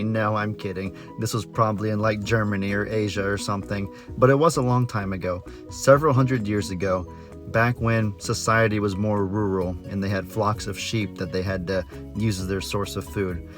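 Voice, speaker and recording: A man's voice: lowish voice, steady tone, normal speed, music in the background. A man who is a farmer vlogger, telling a story in a chatty, folksy way with frequent self-corrections. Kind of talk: casual storytelling vlog.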